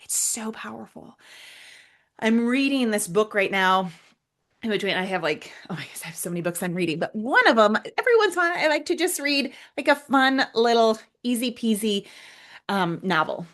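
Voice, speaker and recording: A woman hosting a faith-based motivational podcast, talking earnestly and emphatically straight to her listeners, sometimes dropping to a soft hush for prayers. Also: fairly high pitch, sing-song, a little fast. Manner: earnest, emphatic, addresses listeners as "you guys". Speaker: podcast host.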